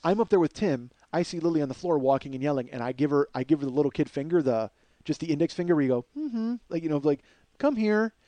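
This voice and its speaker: A man hosting a podcast, telling a long story in a casual, animated way, swearing and acting out what people said. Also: fairly high pitch, quick pace, few pauses, dry recording, dull audio. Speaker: podcast host.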